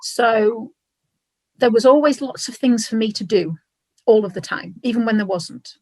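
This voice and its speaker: Husky-voiced woman sharing a personal story. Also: fairly high pitch, a little mellow, no room sound. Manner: reflective, halting, tearful at times. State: emotional. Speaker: podcast guest. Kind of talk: emotional personal conversation.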